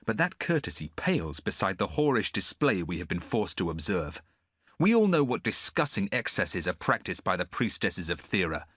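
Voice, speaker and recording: Haughty young prince, scornful, low voice, dry close sound, as a man reads him. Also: big pitch swings, normal speed, fairly bright tone, no echo, full character voice. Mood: contemptuous. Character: proud, contemptuous young prince.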